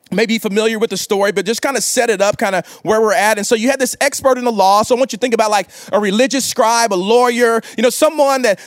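A man's voice: extremely high pitch, no room sound. A man preaching a livestreamed sermon to online viewers, casual and slangy, asking them to respond. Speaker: pastor.

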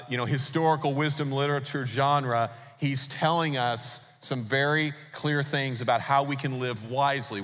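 A man's voice: mid-range voice, fairly bright tone. A man preaching a sermon as pastor, emphatic and putting rhetorical questions to the congregation. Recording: long reverb of a large hall.

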